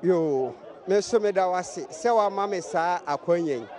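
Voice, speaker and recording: A man's voice: sits high, normal speed, a little mellow, a faint crowd. Earnest Ghanaian man at a station. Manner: earnest, appealing to the government. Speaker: interviewee driver. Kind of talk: vox-pop street comment. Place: busy outdoor lorry station.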